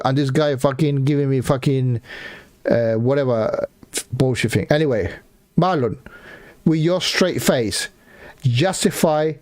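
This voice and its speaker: A man ranting in a reaction video, swearing heavily and mocking the speaker he is watching. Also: medium pitch. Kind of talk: profane ranting reaction commentary.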